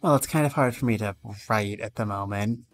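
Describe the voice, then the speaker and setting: A male streamer reading both sides of a game's dialogue aloud, with some lively rises. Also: on the low side, a little fast, faint music behind.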